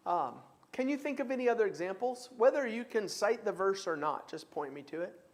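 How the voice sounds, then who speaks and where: A man's voice: high voice, animated, a little fast. A man leading a church Bible class in a conversational way, taking comments and reading scripture aloud with emphasis. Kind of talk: church class teaching with discussion.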